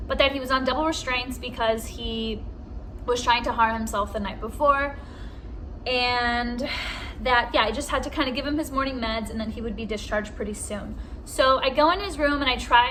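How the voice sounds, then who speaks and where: A woman's voice: a little high, a bit bright, slight background noise, rough recording. A young woman, a registered nurse, telling a funny work story in a chatty, giggly way, acting out the voices. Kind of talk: casual anecdote.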